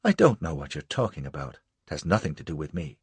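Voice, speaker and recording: A man's voice: very deep voice, sing-song, quick pace, darkish tone, slightly rough, dry recording, pitched below the performer's own voice, full character voice. A man doing an icy, haughty woman. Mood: cold. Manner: icy and dismissive. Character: cold, haughty adult woman.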